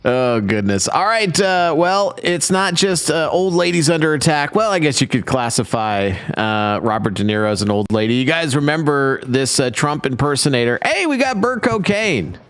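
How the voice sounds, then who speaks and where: A man's voice: fairly high pitch, very animated, moderate pace, few pauses, fairly bright tone, clean tone. A man hosting a podcast in casual chat, introducing clips in an upbeat, wry way and chuckling often. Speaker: podcast host.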